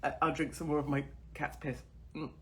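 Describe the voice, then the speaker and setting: A woman's voice: low voice, level tone, a little fast, a bit bright. A woman in her forties hosting her own online show, talking in a crude, sardonic and mocking way and swearing freely. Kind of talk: casual ranting monologue to camera.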